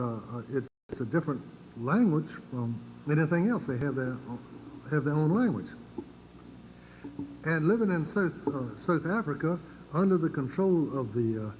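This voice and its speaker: An older man with a Virginian accent speaks to a church audience in a slightly raised pitch. He talks haltingly, filling pauses and repeating words as he goes. A faint hiss sits under the recording. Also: animated, a little mellow, low-quality recording. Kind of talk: informal lecture to a congregation.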